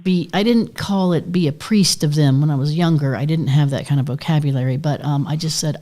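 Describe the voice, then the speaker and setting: A woman's voice: low voice, fairly quick, few pauses, warm tone. A woman co-hosting a live podcast, speaking earnestly and heartfelt while tearing up. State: tearful. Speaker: co-host.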